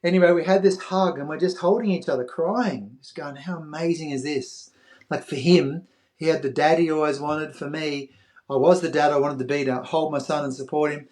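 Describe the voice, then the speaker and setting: A middle-aged Australian man telling an emotional story as a podcast guest, animated, acting out other people's voices and dropping soft at tender moments. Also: fairly high pitch, a little fast. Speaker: podcast guest, former athlete.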